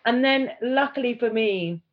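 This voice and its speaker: A woman co-hosting a podcast, telling a story in a casual, animated way. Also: fairly high pitch, unhurried. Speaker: podcast co-host. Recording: dull lo-fi sound.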